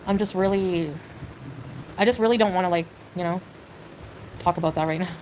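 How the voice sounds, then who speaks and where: A woman's voice: fairly low pitch, a little fast, darkish tone, a little hiss or hum, rough recording. A woman from Canada on a livestream, rambling hesitantly and leaning on "like" and "you know" as she talks.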